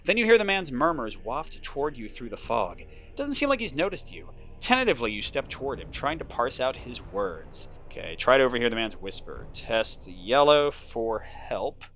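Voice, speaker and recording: Man, board game host, animated swooping pitch, dramatic story reading, casual asides. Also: normal speed, few pauses, faint music behind. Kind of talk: reading story text and explaining game moves.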